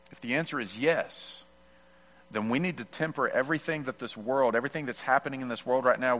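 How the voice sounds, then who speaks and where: Male preacher, earnest explanatory sermon, bright forceful voice, muffled recording. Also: mid-range voice. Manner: earnest, explanatory, with hedging fillers. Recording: muffled with long hall reverb.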